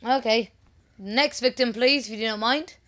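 Woman let's player; high, bright, sharp tone; chatty, excitable, apologetic. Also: measured pace. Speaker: let's play gamer. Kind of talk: casual gameplay commentary.

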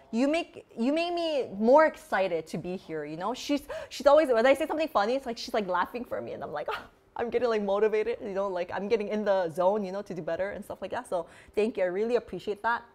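Brisk and lively in her intonation, this woman's mid-range voice carries a casual beauty vlog. She demos products live, chatting bubbly and loose with a heavy use of "like."

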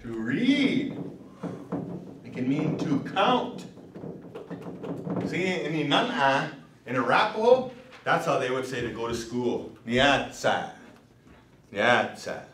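A man's voice: a little high, sing-song, slow pace, pauses often, a bit bright. A man teaching a language class in a casual, encouraging way, often repeating words for his students. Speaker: language instructor. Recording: roomy classroom from far off, noisy.

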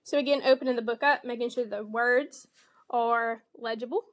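A woman's voice: on the high side, fairly even intonation, moderate pace. Woman teacher modeling a picture-book lesson. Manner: explanatory, reads animal sounds with bright expression.

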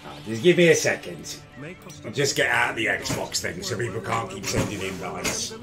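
A man, livestreaming and yelling angry, swearing commentary at his game and his chat. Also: on the low side, lively intonation, moderate pace, soft background music. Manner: shouting, swearing, exasperated outbursts. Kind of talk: raging live gameplay commentary.

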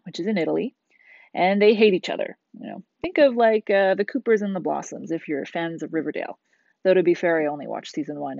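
A woman's voice: medium pitch, darkish tone, dry recording, lo-fi sound. A middle-aged woman teacher explaining a lesson in a chatty way, with casual asides. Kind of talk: recorded classroom lesson. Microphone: tablet screencast voice-over.

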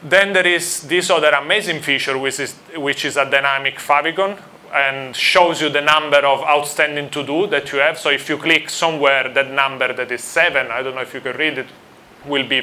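With fairly even intonation and a pushed, bright, mid-range voice, an Italian man with an accent to match speaks a little fast at a conference. He keeps it friendly, asking the live audience questions, amid slight background noise.

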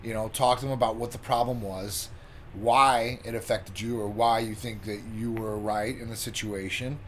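A middle-aged man co-hosting a relationship advice chat, explaining his points in a calm, measured way. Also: fairly low pitch, slight background noise. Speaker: co-host giving relationship advice.

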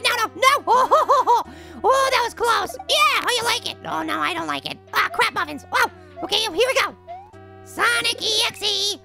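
A man voicing a tiny, cocky male cartoon apple with a sped-up, pitched-up voice, giving brash, giggly game commentary. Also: creaky, sharp tone, full character voice. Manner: brash, giggly, trash-talking. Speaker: gameplay commentator. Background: game music.

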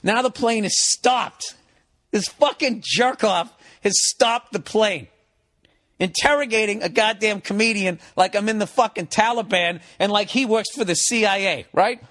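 A comedian in his forties from America, telling a story in an animated, exasperated way, swearing constantly. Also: sits high, unhurried, no echo, clean studio sound. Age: 40s. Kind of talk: profane comic storytelling.

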